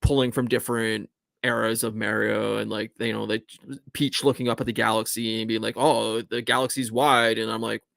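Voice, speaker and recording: A man's voice: lowish voice, level tone, a little fast, vocal fry, fairly bright tone, dry recording, studio quality. A man co-hosting a podcast in casual chat, rambling with plenty of filler words. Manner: rambling, heavy use of filler "like". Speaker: podcast co-host.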